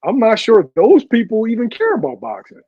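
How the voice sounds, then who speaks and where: A man's voice: very high-pitched, big pitch swings, brisk, no room sound, highs cut off. A man co-hosting a casual online talk show, pressing his point and cutting others off to break it down. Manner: insistent, keeps cutting in to make his point. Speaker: podcast host. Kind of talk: casual debate chat.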